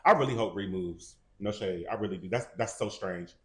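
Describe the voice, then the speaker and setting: Low-voiced man gossiping animatedly. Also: brisk. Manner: animated, acts out quotes in raised voices. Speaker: co-host. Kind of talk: casual celebrity gossip chat.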